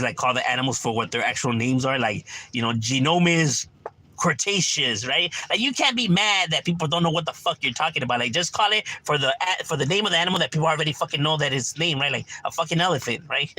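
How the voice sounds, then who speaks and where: A man livestreams from home, reading chat in a medium-pitched, pushed, bright voice. He's laid-back, slangy and profane, constantly tacking "right?" onto what he says.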